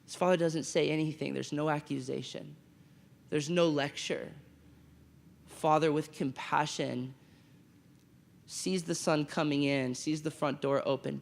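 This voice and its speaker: A man preaching a chapel sermon to students, telling a story with animated acted-out quotes and often asking the room "right?". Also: fairly high pitch, creaky, long reverb tail. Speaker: chapel speaker. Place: school chapel.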